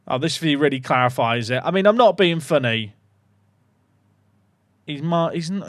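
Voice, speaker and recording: A young man streaming a football management game, commentating casually with sarcastic, excitable swings. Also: a little high, moderate pace, long pauses, no room sound, clean studio sound. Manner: animated, sarcastic, swings between excitement and mock despair. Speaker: gaming streamer.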